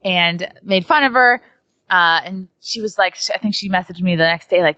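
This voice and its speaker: A woman's voice: on the low side, fairly quick, a bit bright, no room sound. A woman comedian from New York, telling a story in a casual, chatty way with lots of filler words as an interview guest. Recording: dry, dull lo-fi sound.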